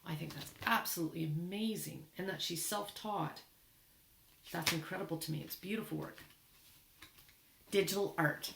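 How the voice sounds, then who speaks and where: A woman teacher reads a picture book aloud to young children, pausing often to praise and encourage. Her voice sits slightly low. The room around her is echoey. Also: vocal fry, noisy background. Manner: warm, encouraging, marvels often. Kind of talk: children's lesson, reading aloud.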